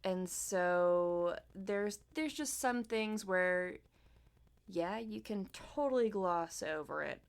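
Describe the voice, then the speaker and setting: A young adult woman co-hosting a podcast in casual chat, telling stories and acting out quotes with lively shifts. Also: slow, creaky. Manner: animated storyteller, acts out quotes in a high voice. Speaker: podcast co-host.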